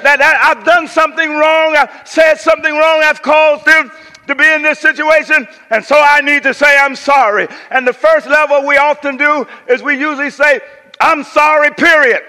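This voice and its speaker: A man's voice: extremely high pitch, flat delivery, normal speed, bright, forceful tone. A male pastor preaching a sermon with emphatic call-and-response, often repeating words as he restarts. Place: church sanctuary. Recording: long church hall reverb.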